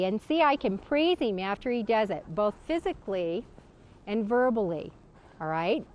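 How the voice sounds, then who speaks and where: A woman's voice: mid-range voice, sing-song, moderate pace, darkish tone. A woman dog trainer giving casual spoken instruction, explaining and demonstrating commands with a dog.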